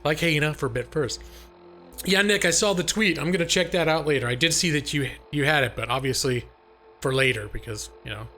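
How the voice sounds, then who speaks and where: A man's voice: fairly high pitch, a little fast, bright, forceful tone, a little hiss or hum. A middle-aged man chatting casually with his stream chat, joking and laughing often between remarks. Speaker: live-stream gaming host.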